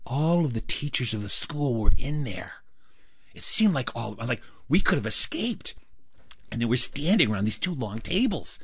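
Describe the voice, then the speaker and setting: A man performing a personal story, acting out the dialogue in an animated way. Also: mid-range voice, normal speed, slightly rough, dry recording. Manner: animated, acts out dialogue with varied voices.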